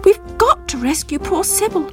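A woman doing a high, bossy little pot-lid fellow. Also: animated, normal speed, over music.

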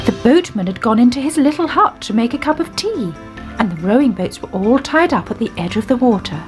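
A woman reading a children's story aloud in an expressive storytelling manner. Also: on the high side.

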